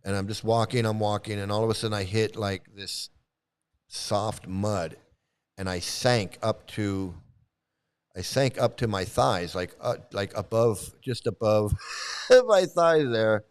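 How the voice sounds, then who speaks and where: A man casually telling a personal story, halting often and repeating his phrases as he restarts. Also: on the low side, fairly even intonation, smooth. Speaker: vlogger recounting past experiences.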